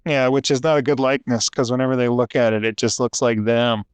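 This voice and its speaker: A man co-hosting a podcast over an online call, talking in a relaxed, offhand way. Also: mid-range voice, quick pace, smooth, dry recording. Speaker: podcast co-host. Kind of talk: casual discussion.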